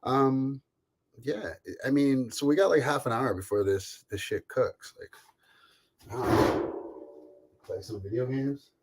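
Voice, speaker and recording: A man's voice: medium pitch, a little slow, pauses often, a little hiss or hum. A man hosting a casual live stream from home, rambling chattily, greeting viewers by name and laughing often. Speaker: livestream host.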